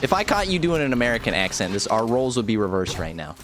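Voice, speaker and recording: A man's voice: medium pitch, sing-song, fast. A young man livestreaming a video game, giving casual, jokey commentary with big exclamations.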